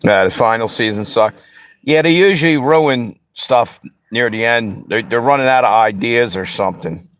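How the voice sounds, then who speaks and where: A man's voice: mid-range voice, moderate pace, fairly bright tone. A man from the Pennsylvania and Delaware area, hosting a live stream and chatting casually with viewers in a rambling, easygoing way. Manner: easygoing, rambling, talks straight to the chat. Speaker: livestream host.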